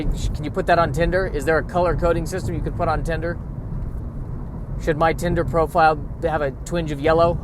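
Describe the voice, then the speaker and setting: A man with a slightly high voice talks into his podcast from the driver's seat of a car. He riffs in self-deprecating comic rants, piling up quick asides. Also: noisy background. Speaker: podcast host. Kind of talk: solo comedic podcast monologue. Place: in a car, driving and parking.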